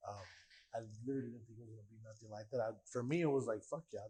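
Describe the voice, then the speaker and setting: A man's voice: medium pitch, rapid-fire, warm tone, breathy edge. A young man casually telling a story on a podcast, full of slang and profanity and acting out other people's voices. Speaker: podcast guest.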